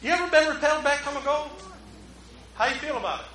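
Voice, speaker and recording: A man preaching a relaxed, conversational sermon as pastor, joking at his own expense and drawing in the congregation. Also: very high voice, fast talker, slight background noise. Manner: joking, self-mocking, talks with the congregation. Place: church. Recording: roomy hall echo.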